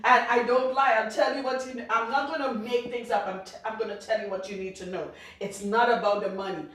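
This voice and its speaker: A woman's voice: fairly high pitch, fairly even intonation, fairly quick. Outspoken Trinidadian woman, salon owner, brash and frank, distant mic, heavy room echo. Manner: blunt, outspoken, cusses freely, laughs loudly. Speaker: loctician. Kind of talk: casual talk to camera.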